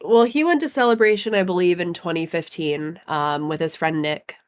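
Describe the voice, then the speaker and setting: A woman co-hosting a live podcast, telling a story in a lively way and acting out what people said. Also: on the low side, moderate pace, smooth. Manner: animated storyteller, acts out quotes. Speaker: podcast co-host. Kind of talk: casual chat, storytelling.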